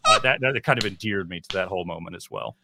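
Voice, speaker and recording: A man's voice: low-pitched, sing-song, fast, vocal fry, pushed and bright, a little hiss or hum. A man co-hosting a casual film podcast, chatty and given to teasing anecdotes. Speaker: podcast co-host.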